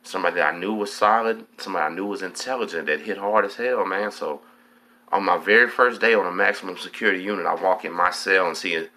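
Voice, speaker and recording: A man's voice: low-pitched, quick pace, pushed and bright. A man with a Texas accent telling a casual, profane story in street slang, filling his lines with "man.". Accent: Southern US, Texas. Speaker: host, storyteller.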